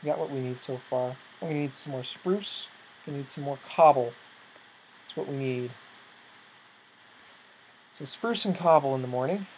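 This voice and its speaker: A let's-play host chatting through a building session in an easygoing, excitable way. They talk to themselves as they play, count things out loud, and jump with nervous alarm when monsters appear. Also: mid-range voice, normal speed, pauses often, a little hiss or hum, poor audio. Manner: excitable, thinks aloud, startles easily. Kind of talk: casual gameplay commentary.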